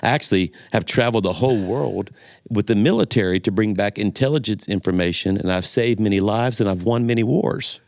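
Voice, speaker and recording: A man's voice: on the low side, fairly quick, vocal fry, darkish tone, dry recording. A man voicing a boastful talking dog in a joke. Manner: bragging, folksy.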